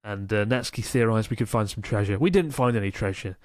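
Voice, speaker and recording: A man's voice: fairly low pitch, fast, a little mellow, dry recording. Chatty male podcast host, dry sound. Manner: chatty, enthusiastic, swears casually. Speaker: podcast co-host reading listener emails. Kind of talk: casual podcast chat.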